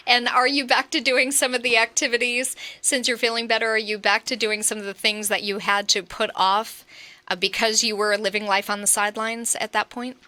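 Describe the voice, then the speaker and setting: A woman's voice: a little high, level tone, brisk, bright, forceful tone, dry recording. A woman hosting a medical talk radio show, affirming her guests with frequent "mm-hmm" and "right".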